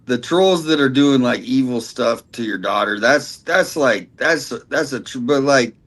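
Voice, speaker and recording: A man's voice: mid-range voice, expressive, measured pace, fairly bright tone. A man chatting as a guest on a casual stream, hesitant and full of fillers as he works through his thoughts. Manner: hesitant, many fillers, thinks aloud. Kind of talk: casual conversation.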